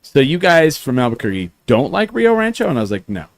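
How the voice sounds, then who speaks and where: A man's voice: mid-range voice, very animated, brisk, gravelly, dry recording. A man hosting a podcast in casual chat, telling rambling stories with a lot of swearing. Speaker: podcast host.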